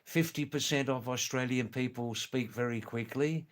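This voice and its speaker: Slow, thoughtful man answering live chat. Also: mid-range voice. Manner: slow, thoughtful and hesitant, with many pauses and fillers. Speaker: live stream host. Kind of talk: casual live stream chat, reading and answering viewer comments.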